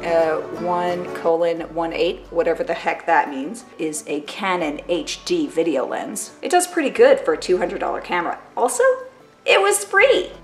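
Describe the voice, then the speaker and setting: A woman's voice: lowish voice, lively intonation, normal speed, roomy sound, faint music behind. A woman vlogging at home in casual chat to camera, chatty and self-mocking, full of "like" and "totally".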